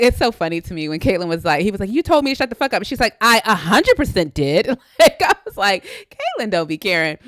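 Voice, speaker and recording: A woman's voice: medium pitch, no echo, clean studio sound. A woman co-hosting a podcast, chatting casually about a reality show and acting out quotes from it. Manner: animated, acts out quotes from the show. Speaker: podcast co-host. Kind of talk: casual reality TV recap chat.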